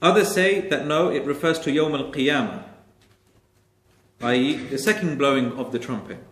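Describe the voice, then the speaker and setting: A man's voice: medium pitch, moderate pace, fairly bright tone, reverberant. A man teaching a Quran exegesis class, explaining Arabic grammar step by step and repeating key phrases for emphasis.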